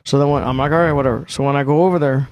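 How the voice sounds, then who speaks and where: A man's voice: medium pitch, fairly even intonation, rapid-fire, a little mellow, a little hiss or hum. A man in his forties telling a long rambling story in casual chat, swearing freely and mocking himself. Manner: profane, rambling, self-mocking.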